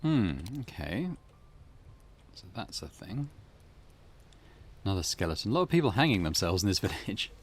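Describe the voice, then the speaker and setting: Low-voiced man muttering through a game. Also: moderate pace, long pauses. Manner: relaxed, muttering asides, reads game notes aloud. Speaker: let's play host. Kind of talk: gameplay commentary.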